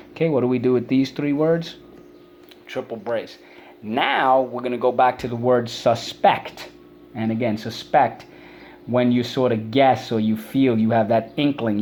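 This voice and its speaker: Man teaching spelling, slow drilling. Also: medium pitch, darkish tone, a little hiss or hum. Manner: drills words slowly, syllable by syllable, and prompts listeners to repeat. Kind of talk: spelling and vocabulary lesson for children.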